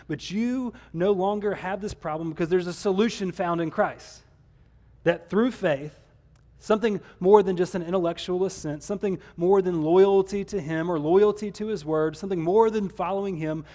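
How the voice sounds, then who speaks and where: A man's voice: sits high, darkish tone. A man pastor preaching a conversational sermon, with some restarts along the way.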